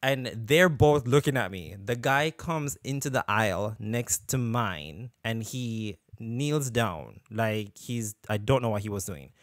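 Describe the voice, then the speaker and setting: A man's voice: fairly low pitch, animated, a little slow, few pauses, no echo, studio quality. A man hosting a casual podcast, telling a long story that drifts off on tangents before getting back on track. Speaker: podcast host.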